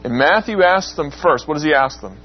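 A man's voice: expressive, a little fast. A man teaching a Bible class, asking the class questions and acting out the quoted lines in a dramatic voice. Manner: questions the class and acts out quotes with rising pitch. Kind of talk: interactive Bible class lecture. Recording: dull lo-fi recording with faint hum.

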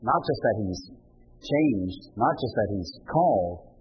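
A male pastor preaching a sermon, impassioned and rising in pitch and volume when he quotes pleading words. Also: expressive, slow pace, lo-fi sound, soft background music.

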